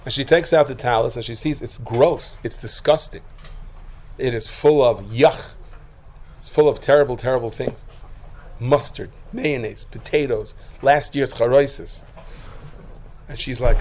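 A man giving a sermon full of stories, acting out voices and rising to loud bursts. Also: medium pitch, normal speed. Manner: lively storyteller who acts out quotes, rising to loud outbursts. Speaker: rabbi giving a talk.

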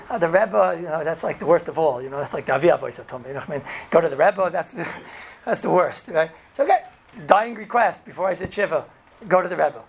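A man with teaching a class as a rabbi, telling stories in a lively way and often asking "right?". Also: on the high side, fast, gravelly, a little hiss or hum. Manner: animated, acts out characters, frequent "right?" and "you know". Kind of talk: storytelling Torah class.

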